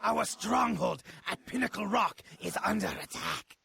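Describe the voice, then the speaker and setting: A man's voice: high-pitched, lively intonation, a little slow, creaky, pushed and bright, heavily acted. An actor playing an urgent male servant in a studio game, pleading for help.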